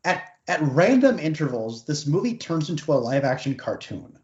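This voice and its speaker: A man's voice: on the high side, very animated, normal speed, a little mellow. A man chatting casually on a podcast, musing in an easygoing way with fillers. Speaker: podcast co-host. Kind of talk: casual chat. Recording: echoey muffled room audio.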